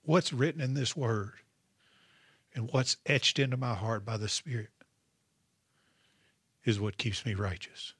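Husky-voiced man preaching a sermon. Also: medium pitch, a little slow, long pauses, fairly bright tone, no echo, studio quality. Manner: preaching with call-and-response asides. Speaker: pastor.

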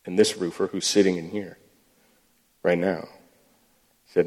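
A man's voice: sits low, flat delivery, measured pace, darkish tone. A man giving a sermon-style talk, telling stories about faith at work, often restarting and repeating words. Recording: long echoey hall reverb.

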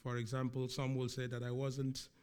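A man preaching a sermon, speaking slowly and with emphasis, often repeating key words. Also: mid-range voice, monotone, a little mellow, clear, resonant tone.

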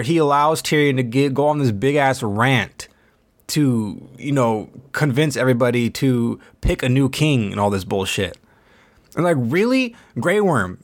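A man hosting a podcast alone, ranting in a casual, profane, rambling way. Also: mid-range voice. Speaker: podcast host. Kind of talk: casual solo podcast rant.

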